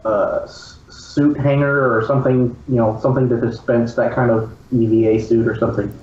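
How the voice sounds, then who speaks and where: A man's voice: medium pitch, level tone, moderate pace, darkish tone, a little hiss or hum. A man playing in a tabletop game, chatting casually and laughing often. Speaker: player. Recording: muffled, roomy, far from the mic.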